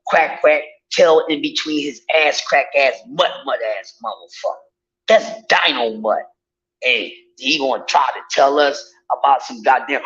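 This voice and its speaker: A man ranting casually to his viewers, in an animated, profane and mocking way. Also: mid-range voice. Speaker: vlogger. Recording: dull lo-fi audio.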